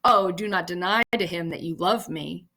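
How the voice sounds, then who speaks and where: A woman's voice: lowish voice, moderate pace, sharp tone. A woman reading a cocky, possessive young nobleman suitor in a Shakespeare scene, with a smug, self-assured delivery.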